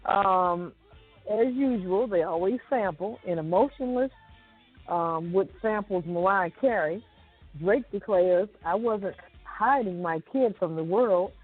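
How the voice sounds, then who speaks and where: A woman's voice: mid-range voice, takes it slowly. A woman co-hosting a chat show, reading celebrity news items and adding wry asides. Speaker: co-host reading entertainment news. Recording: tinny phone-like sound with faint music.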